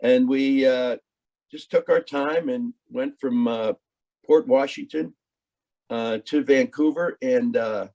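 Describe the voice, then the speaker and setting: A man's voice: medium pitch, slow pace, gravelly, warm tone. A man chatting casually as a fellow guest, chummy and hesitant with many fillers. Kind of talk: casual conversation.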